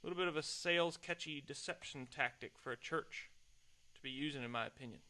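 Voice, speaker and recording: Bright-voiced man rambling on a solo podcast. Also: a little high, quick pace. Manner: rambling, self-deprecating, chatty. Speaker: podcast host.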